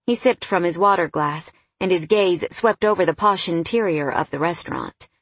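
A woman reading a novel aloud in an even, storytelling narration. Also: fairly low pitch, normal speed, dry recording. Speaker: audiobook narrator. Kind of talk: scripted narration.

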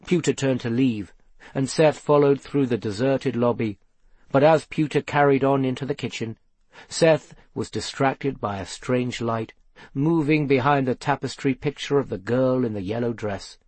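A man narrating a children's storybook in a measured, steady way. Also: medium pitch, no room sound. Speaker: audiobook narrator. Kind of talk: scripted narration.

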